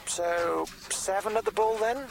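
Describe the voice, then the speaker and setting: An actor playing a flirtatious, smooth-talking man, teasing on the phone in a radio drama. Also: high-pitched, steady tone, a little slow, background noise. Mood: flirty.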